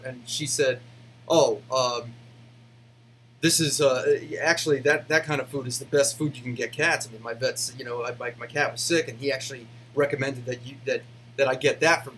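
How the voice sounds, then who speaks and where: A man's voice: medium pitch, a bit bright, slight background noise. A man casually chatting to fans, rambling with many restarts and fillers, then ranting defensively. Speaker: YouTube host answering fan questions. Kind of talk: casual behind-the-scenes chat.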